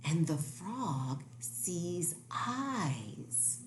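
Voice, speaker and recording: Lady doing a slow kids' read-aloud, lowish voice, echoey room w/ a bit of hiss. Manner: animated, exclaiming, pointing out pictures. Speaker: teacher reading a picture book aloud. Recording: echoey room with faint noise.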